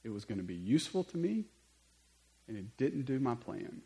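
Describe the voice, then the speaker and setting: A man preaching a sermon, telling stories in an animated way with conversational asides. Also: medium pitch, normal speed, creaky, poor audio. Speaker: pastor.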